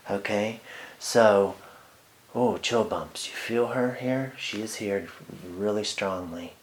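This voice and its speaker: This psychic medium, a man doing a one-on-one session, has a fairly low pitch. He stumbles along with frequent fillers and false starts, occasionally slipping into quiet, murmured side remarks.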